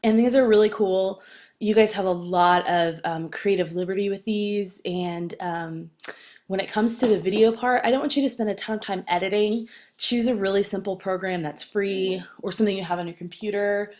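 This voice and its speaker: A woman's voice: medium pitch, fairly even intonation, moderate pace, a little mellow. A woman teacher explaining an assignment to students, firm and encouraging, with frequent fillers like "um" and "okay". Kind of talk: classroom assignment instructions.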